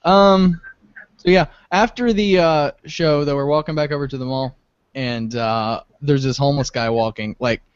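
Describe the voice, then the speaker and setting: This young man co-hosts a podcast, chatting casually, telling stories with animation and laughing often. His intonation is fairly even, his pace moderate and his tone clean, heard with no room sound on a dull low-fi recording.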